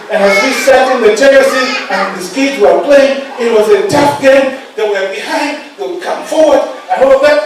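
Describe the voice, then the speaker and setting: A man preaching as a visiting speaker, telling a story with laughter and repeated words as he restarts his sentences. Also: very high voice. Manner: animated, laughing, repeats words when starting over. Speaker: visiting speaker at a church choir CD launch. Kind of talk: sermon with storytelling. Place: large church hall. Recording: echoey hall from far off, noisy.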